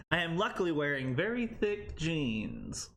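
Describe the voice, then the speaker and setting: A man streaming live from his home kitchen, talking casually with his chat in a playful way. His pitch swings widely and sits fairly high, and he breaks into laughter often. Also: fairly bright tone.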